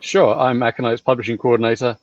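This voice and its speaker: A man working as a publishing coordinator, chatting in a relaxed, easygoing way on a video call. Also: mid-range voice, fast, lo-fi sound. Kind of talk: casual chat.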